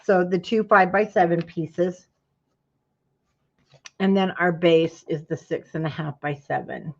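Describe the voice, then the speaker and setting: A woman's voice: fairly low pitch, fairly even intonation, unhurried, creaky, highs cut off. Chatty woman teaching a craft. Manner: chatty, talks to viewers while working. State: yawning. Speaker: craft class host. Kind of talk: live craft tutorial.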